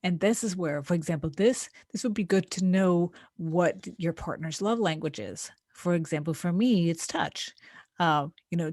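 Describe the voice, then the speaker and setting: A woman with a fairly low voice talks casually as a relationship coach, chatty and quick to laugh, full of fillers and restarts. The sound is close and dry, with no room around it. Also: a little mellow, no room sound. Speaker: relationship coach and podcast host. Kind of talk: casual explanatory talk.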